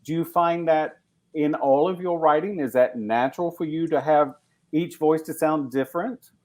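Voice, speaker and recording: A man's voice: on the high side, moderate pace, a little mellow. A man hosting an interview podcast, asking questions in an earnest, admiring way. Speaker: podcast host. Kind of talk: interview conversation.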